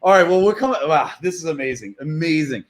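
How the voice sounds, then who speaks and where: A man with a notably high voice hosts the interview, full of excitement and quick to cheer his guest on. He is heard over a video call as he guides the conversation. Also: a little hiss or hum. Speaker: summit co-host and interviewer. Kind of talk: casual enthusiastic interview.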